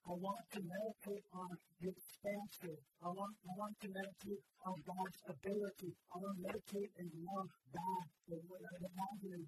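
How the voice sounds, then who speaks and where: A preacher delivering a sermon in repetitive, emphatic phrases that swell loud and then fall to a soft hush. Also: medium pitch, flat delivery, normal speed, few pauses, noisy background.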